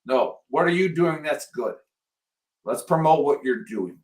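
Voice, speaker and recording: A man's voice: fairly high pitch, expressive, measured pace. Earnest man pleading with listeners. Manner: earnest, pleading, repeats himself for emphasis. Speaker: podcast host. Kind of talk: casual chat.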